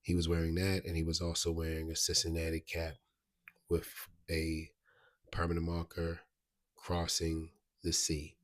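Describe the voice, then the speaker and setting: A vlogger from Baltimore, USA, tells a rambling story to camera in a low, husky, monotone voice at normal speed. He keeps restarting and often says "you know what I mean."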